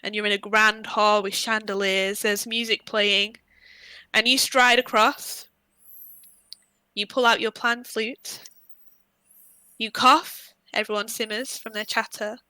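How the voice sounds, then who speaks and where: A woman's voice: medium pitch, sharp tone, smooth, no echo, poor audio. A woman with a British accent, narrating a tabletop game as dungeon master with vivid, swearing storytelling.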